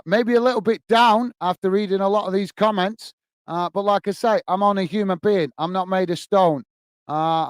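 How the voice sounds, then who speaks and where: Here a football channel host talks casually on a live stream, reading out what viewers write and saying "mate" a lot amid frequent fillers and restarts. His voice sits high with a clean tone, and there's no room sound.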